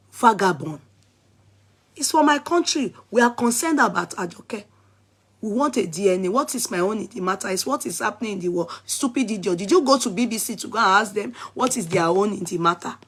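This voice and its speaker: Nigerian woman vlogger, husky, animated and scolding, casual commentary. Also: mid-range voice.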